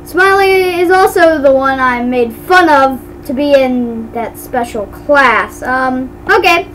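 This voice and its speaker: A woman's voice: sits high, slow pace, a bit bright, slight background noise, rough recording. A woman giving casual commentary while playing a game, chatty and giggly, tripping over her words. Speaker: gamer.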